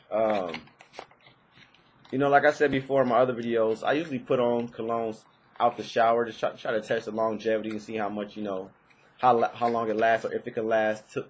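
A man's voice: medium pitch, slight background noise, poor audio. A young man giving a casual, rambling fragrance review, with many fillers and restarts.

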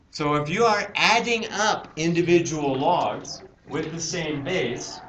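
A man's voice: on the high side, fairly bright tone. A male math teacher lecturing a class, explaining step by step and questioning the students. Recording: roomy, distant classroom mic with hiss.

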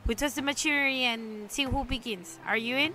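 A woman voicing an old cryptic man who loves games, speaking in a slow, solemn, riddling way. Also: high voice, pushed and bright, a little hiss or hum.

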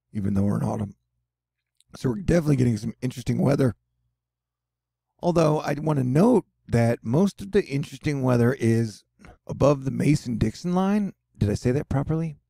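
Man hosting casual weather news, jokey and rambling, gravelly, husky. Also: medium pitch, lively intonation, normal speed, pauses often, mellow, no echo, studio quality. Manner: jokey, rambling, self-deprecating asides. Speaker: host of a news and weather channel.

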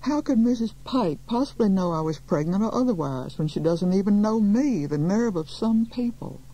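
A woman's voice: mid-range voice, lively intonation, moderate pace, mellow, pitched above the performer's own voice, lightly acted, low-quality recording. A woman voicing a prim, easily offended customer. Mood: indignant. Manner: touchy, indignant.

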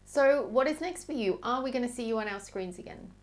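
A woman's voice: fairly high pitch, animated, fairly quick, soft background music. A woman hosting an interview, putting brief, direct questions to her guest. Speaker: interview host.

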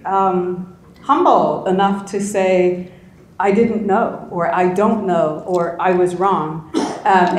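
A woman's voice: medium pitch, very echoey, low-quality recording. A middle-aged woman giving a conference talk in a conference room, speaking conversationally and often tagging her points with "right?". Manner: conversational, with frequent tag questions.

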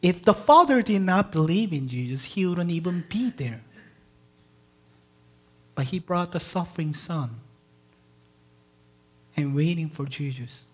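A woman pastor preaching a sermon, moving from quiet reflection to loud, impassioned emphasis and posing rhetorical questions to the congregation. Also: low voice, slightly rough.

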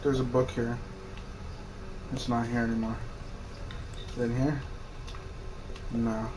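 A man's voice: mid-range voice, flat delivery, slow pace, low-quality recording. A man streaming a game, chatting to himself and to viewers as he plays. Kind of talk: live game commentary.

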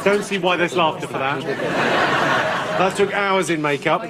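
Deadpan quiz host over a loud crowd. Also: male voice, high voice, moderate pace. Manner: deadpan joking. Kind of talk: scripted TV quiz hosting. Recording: TV clip with loud audience and noise.

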